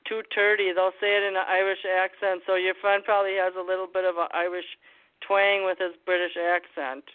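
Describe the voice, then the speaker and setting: A woman hosting a casual call-in talk show, quizzing her co-hosts with trivia in a brisk, joking way. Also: fairly low pitch, level tone, smooth. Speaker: host. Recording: tinny phone-like line.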